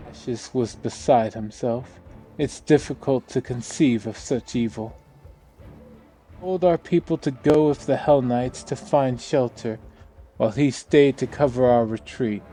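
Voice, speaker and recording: A man's voice: medium pitch, mellow, natural voice. A man reading the lines of a weary woman survivor in a game, telling a grim story in a subdued, somber way. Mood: bitter somber. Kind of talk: reading game dialogue aloud.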